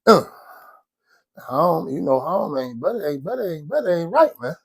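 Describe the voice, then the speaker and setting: A man voicing a gruff older male inmate with an Atlanta accent who mumbles and keeps repeating "buddy". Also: fairly high pitch, big pitch swings, normal speed, exaggerated voice. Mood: grumbling. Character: gruff older male inmate, old-school street talker.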